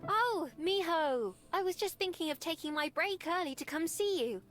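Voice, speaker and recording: A woman voicing a cheerful, caring young woman who works at a cafe, speaking softly and gently. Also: very high voice, expressive, soft background music, voice pushed up. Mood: gentle concern. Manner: soft, gentle and slow.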